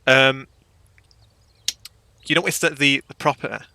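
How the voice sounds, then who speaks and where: A man's voice: mid-range voice, steady tone, a little slow, vocal fry, bright, forceful tone, no echo. A man narrating a tabletop game as game master in a casual, rambling way full of fillers.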